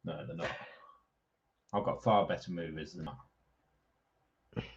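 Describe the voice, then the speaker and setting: A man's voice: fairly even intonation, slow pace, vocal fry. A man co-hosting a casual livestream, joking and bantering with his partner. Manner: joking, wry, swings widely in pitch. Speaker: co-host, host's partner. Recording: dull lo-fi audio with faint noise.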